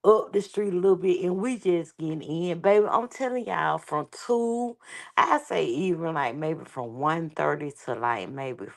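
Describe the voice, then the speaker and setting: Low gravelly woman telling a wild story. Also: normal speed, rough recording. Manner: animated, profane, laughing, slangy. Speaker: vlogger. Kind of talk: casual storytime.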